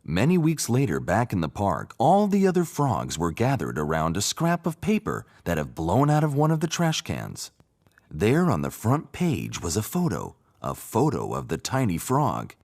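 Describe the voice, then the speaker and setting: Guy reading a kids storybook, kinda low voice, super sing-songy and bouncy. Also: moderate pace. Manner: expressive, sing-song reading. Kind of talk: storybook read-aloud narration.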